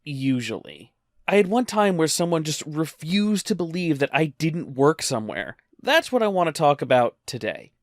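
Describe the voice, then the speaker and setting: Lively wry male storyteller. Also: on the high side, moderate pace, hardly any pauses, no echo, clean studio sound. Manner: wry, conversational, lively delivery. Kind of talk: storytime narration.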